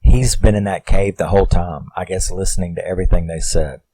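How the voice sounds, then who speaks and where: A man's voice: low-pitched, steady tone, fairly quick, dark tone, husky, low-quality recording. A man casually recapping a horror film in a rambling way, swearing freely and breaking off into asides where he questions himself.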